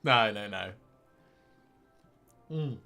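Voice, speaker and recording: A man's voice: fairly low pitch, expressive, extremely slow, vocal fry, pushed and bright, soft background music. A man in casual, playful chat while playing a video game, laughing easily. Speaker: gaming host.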